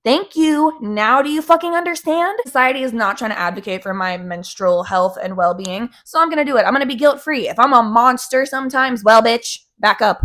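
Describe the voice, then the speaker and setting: A young woman talks straight to her viewers in a casual vlog. Her voice sits a little high, and she swears bluntly and freely. She keeps an animated, outspoken delivery throughout. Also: brisk, few pauses. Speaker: vlogger.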